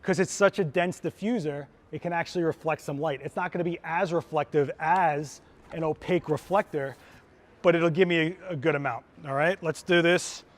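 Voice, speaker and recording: A male photographer leads a live hands-on demonstration. His voice sits a touch higher than most men's, and he explains things in an easygoing, excited way, talking his audience through each step like a friendly teacher. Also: moderate pace. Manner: casual, enthusiastic, chatty teacher. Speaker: photographer giving a gear demo. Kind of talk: live instructional demo. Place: trade show floor.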